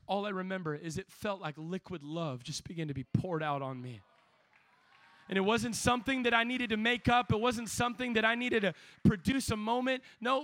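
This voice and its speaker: A young man with a high, bright-pitched voice preaches at a youth camp. He swings from hushed storytelling to fervent, shouted exhortation. The sound is close and dry, with no room around it. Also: dry recording. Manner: passionate, builds to shouting. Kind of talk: sermon.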